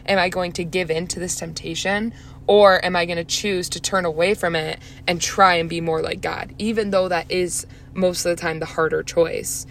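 A woman's voice: lowish voice, steady tone, moderate pace, a little hiss or hum. A young woman hosting a solo faith podcast, talking in a chatty, earnest way with many fillers. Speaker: podcast host.

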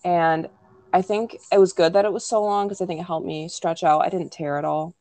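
Low-voiced young woman chatting. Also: steady tone, fairly quick, mellow, no room sound. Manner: chatty, many "like" and "um" fillers, acts out quoted lines. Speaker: podcast co-host telling her birth story. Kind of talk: casual conversational storytelling.

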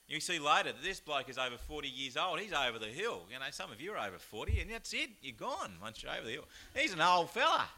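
A man with an Australian accent, preaching a chatty, animated sermon with plenty of rhetorical asides. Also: fairly high pitch. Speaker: pastor. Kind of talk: lively sermon.

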